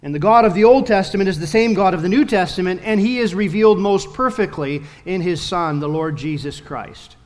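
A male pastor with a fairly high voice delivers an earnest sermon, leaning on key words and slowing down for emphasis. His voice rings out through a church sanctuary with a long, lingering reverb. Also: animated, a little mellow. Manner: earnest preaching with emphatic slowed phrases.

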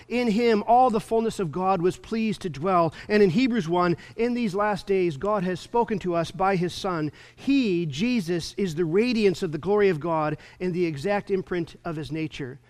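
A man preaching a sermon in a measured way, building points through repetition and rhetorical questions. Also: sits high. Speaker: pastor.

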